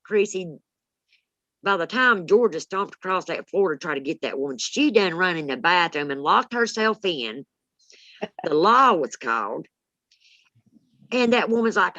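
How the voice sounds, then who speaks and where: Woman, fifties, blunt salty storyteller, low voice, dry dull sound. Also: a little slow, pauses often, no echo. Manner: blunt, salty, animated retelling. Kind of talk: casual storytelling chat.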